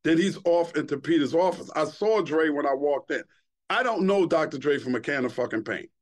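Talking fairly quickly in a higher-pitched voice, this middle-aged podcast guest, a former TV host from Queens, New York, tells lively, foul-mouthed stories. He performs the quoted lines as he goes in a loose, casual exchange.

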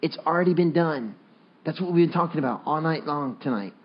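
A man's voice: on the high side, animated, brisk, lo-fi sound. A man preaching a sermon, coaxing his congregation to repeat a phrase back to him. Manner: leads the congregation in call-and-response, earnest and coaxing. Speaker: pastor.

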